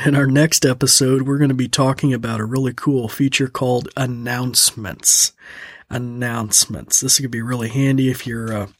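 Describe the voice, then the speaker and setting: A man's voice: mid-range voice, husky, no echo. A man hosting a tech training show, explaining steps in a folksy, chuckling way into a close studio mic. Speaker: host of a tech training program. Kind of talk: casual spoken tutorial.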